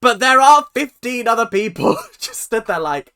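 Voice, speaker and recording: Excitable reaction host. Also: medium pitch, normal speed, smooth. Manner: emotional, swearing, exclaiming. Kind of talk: casual reaction commentary.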